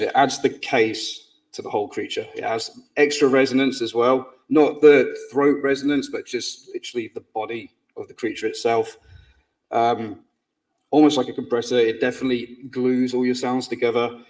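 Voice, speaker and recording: A man's voice: mid-range voice, fairly even intonation, moderate pace, darkish tone, far from the mic, rough recording. A man giving a conference talk on game sound design in a casual, rambling way with fillers and restarts.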